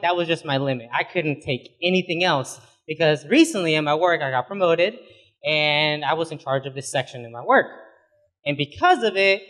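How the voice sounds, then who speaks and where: A young adult man preaching a sermon as a pastor, conversational and informal, often filling pauses with "you know". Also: on the high side, fairly bright tone.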